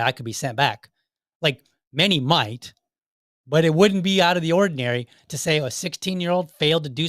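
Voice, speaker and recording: A man's voice: on the high side, fairly bright tone, no room sound, clean studio sound. Fired-up man host, combative. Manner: fired-up, combative, rhetorical questions; mocking voices for imagined people. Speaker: podcast host. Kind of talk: opinionated commentary monologue.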